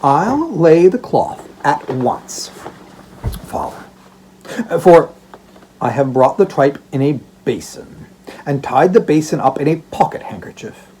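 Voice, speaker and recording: A man's voice: fairly high pitch, sing-song, slow pace, mellow, slight background noise, low-quality recording. A man voicing a playful young working-class daughter in an audiobook, teasing and bubbly. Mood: cheerful. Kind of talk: audiobook reading.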